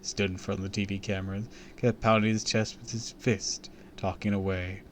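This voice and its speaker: A man's voice: sits low, little pitch movement, normal speed, hardly any pauses, slight background noise. A man reading a horror story aloud on a stream, dramatic and dropping into whispers for suspense.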